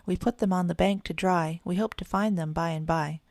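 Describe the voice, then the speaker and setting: A woman voicing three small hungry kittens in a high, pleading sing-song storybook voice. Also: steady tone, a little fast, darkish tone, lightly acted.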